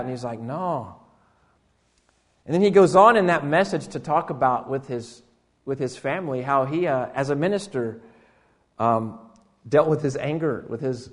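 A man preaching a sermon in a church, often restarting and repeating words, who swings between loud animated stretches and hushed near-quiet lines. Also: medium pitch, normal speed, long pauses. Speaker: pastor.

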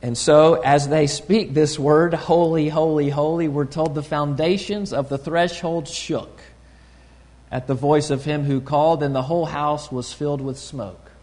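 A man delivers a sermon in a measured, teaching manner, stopping to search for words. His voice sits a bit high for a man. The sound rings with the long reverb of a large hall. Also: steady tone, a little mellow. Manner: deliberate, teaching tone with pauses and fillers. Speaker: preacher.

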